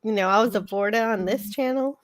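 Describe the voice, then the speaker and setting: A woman's voice: mid-range voice, a little fast, background noise. A woman chatting on a panel, hesitant and friendly in casual talk. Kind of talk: casual web show chat.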